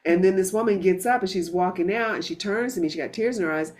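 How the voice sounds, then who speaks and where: A woman hosting a spiritual gathering, telling stories in a casual, animated way, with frequent restarts and some swearing. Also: lowish voice, fast talker. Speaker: satsang host.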